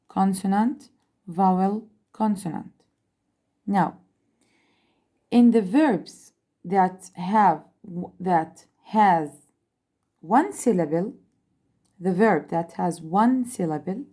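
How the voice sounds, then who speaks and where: A woman teaching an English grammar lesson, speaking slowly, repeating words and spelling out letters. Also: mid-range voice, mellow. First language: Arabic. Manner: slow, repeats and spells out letters, switches into Arabic to explain.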